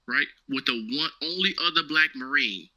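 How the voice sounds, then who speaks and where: A former Marine turned cloud engineer appears as a guest on an interview show, telling casual stories full of slang and animatedly acting out the dialogue. His voice is fairly high and runs at normal speed, and the recording quality is low.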